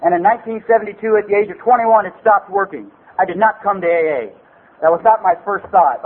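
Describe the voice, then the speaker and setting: A man's voice: sits high, fast, husky. A man in his forties telling his story at a recovery meeting, rambling and streetwise, with "you know" every few words. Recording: tinny lo-fi tape with faint hiss.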